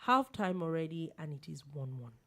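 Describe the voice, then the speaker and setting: Lively woman radio co-host. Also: low-pitched, fairly quick. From Nigeria. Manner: laughs easily, teasing and animated. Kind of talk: casual radio banter and news round-up.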